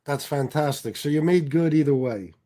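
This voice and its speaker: A man's voice: on the high side, moderate pace, dark tone. Enthusiastic man hosting an interview. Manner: enthusiastic, reads donations aloud. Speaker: podcast host.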